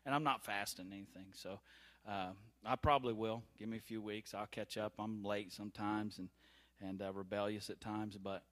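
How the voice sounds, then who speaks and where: A man's voice: on the low side, fairly even intonation, normal speed, fairly bright tone. A man in his thirties preaching an informal sermon from a church platform, talking candidly and conversationally with personal stories and asides. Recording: long reverb of a large hall.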